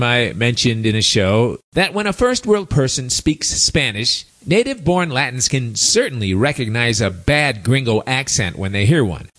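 A man's voice: mid-range voice, a bit bright. A middle-aged man hosting a talk show in a chatty, wry, monologue style. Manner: wry, chatty, reads listener emails aloud. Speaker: radio show host. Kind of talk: casual talk radio monologue.

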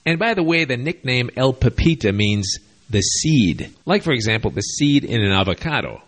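Husky guy ranting wry about crime stories, voice bouncing all over, sarcastic asides. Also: medium pitch, sing-song, normal speed. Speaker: video host. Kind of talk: casual commentary monologue. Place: lives in Latin America.

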